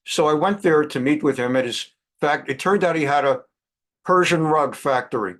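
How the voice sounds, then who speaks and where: A man in his sixties, a rabbi hosting a weekly program, telling anecdotes in a chatty, animated way with frequent restarts. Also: fairly high pitch, moderate pace. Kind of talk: anecdotal monologue.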